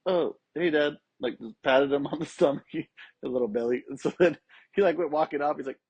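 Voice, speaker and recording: A young man with a husky voice tells a personal story in loose, profane chat and slips into the voices of the people he quotes. The sound is dry and close, with a dull lo-fi tone. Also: fairly high pitch, fairly quick, a little mellow, no room sound. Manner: swears freely, acts out quoted voices. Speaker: podcast guest, skateboarding coach. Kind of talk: casual storytelling.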